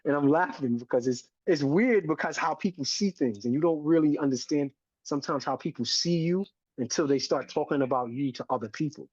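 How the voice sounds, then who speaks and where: A man's voice: on the high side, a little fast, a little mellow, husky, no room sound. Emphatic man in his forties, dull dry audio. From United States. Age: 40s. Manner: emphatic, preachy, keeps tagging "right?". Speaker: podcast guest, community educator. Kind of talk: passionate conversational interview.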